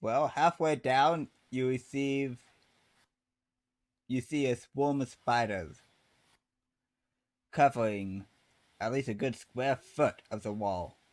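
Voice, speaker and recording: A man running a tabletop game as game master, describing scenes in a plain, unhurried way. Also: medium pitch.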